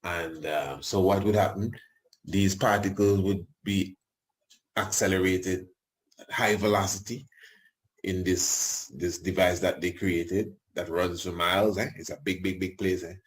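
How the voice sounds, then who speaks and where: Brief: male radio talk host, low register, loose colloquial rambling delivery. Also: fairly even intonation, measured pace. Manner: rambling, colloquial, chuckles asides.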